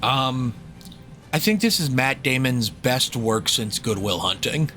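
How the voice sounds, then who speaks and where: A young man co-hosts a film podcast, giving his review in a casual, rambling, jokey, profane style. His mid-range voice is expressive, pushed, and bright, and he speaks a little slowly over soft background music.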